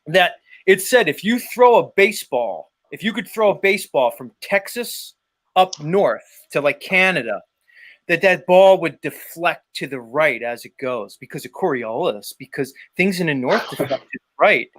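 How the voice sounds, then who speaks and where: A man's voice: on the high side, expressive, normal speed, a bit bright. Combative, profane male streamer. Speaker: livestream host. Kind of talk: ranting commentary.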